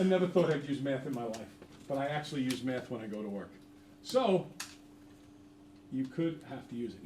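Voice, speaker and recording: A man's voice: a little high, a little mellow, slight background noise. A middle-aged man teaching a math class, chatty and jokey, quizzing the students. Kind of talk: classroom lesson. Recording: roomy, from far off.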